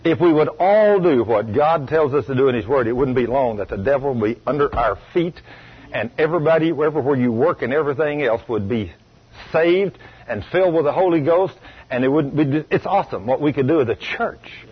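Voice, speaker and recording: Folksy preacher, husky and emphatic. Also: male voice, expressive, a little fast. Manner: folksy, emphatic, swings between loud bursts and low asides. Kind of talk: sermon storytelling. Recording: dull lo-fi radio recording.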